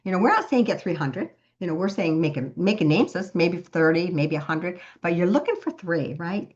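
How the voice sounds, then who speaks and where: A woman's voice: lowish voice, expressive, normal speed, dull audio. A woman giving an earnest motivational talk as a business team leader, telling stories and repeating words for emphasis.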